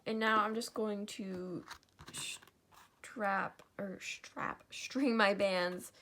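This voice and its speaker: A young woman walks through a craft tutorial at a slow, easy pace. She sounds tired, yawns often and keeps apologizing, counting stitches aloud as she goes. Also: medium pitch, steady tone, fairly bright tone, a little hiss or hum. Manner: sleepy, yawning and apologetic. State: tired, yawning.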